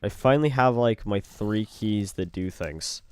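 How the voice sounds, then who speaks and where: Here the Canadian gaming host talks at a measured pace in a lowish, darkish voice, with a little hiss or hum on the recording. Young and Canadian-accented, he rambles goofily through his let's-play commentary and toys with words.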